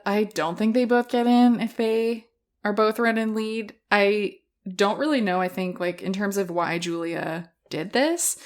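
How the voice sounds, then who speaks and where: A woman talking as a podcast guest in casual film chat, chatty, laughing a lot and saying "like" often. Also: medium pitch.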